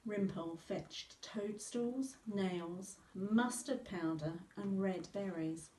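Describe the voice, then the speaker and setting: A woman teacher reading a storybook aloud to pupils with an expressive voice, recorded in an echoey room from some distance. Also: mid-range voice, takes it slowly, hardly any pauses.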